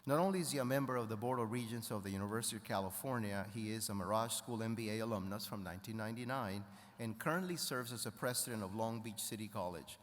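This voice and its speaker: A man serving as provost at a ceremony, introducing speakers in a measured, formal way. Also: on the low side, in a large hall. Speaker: university provost.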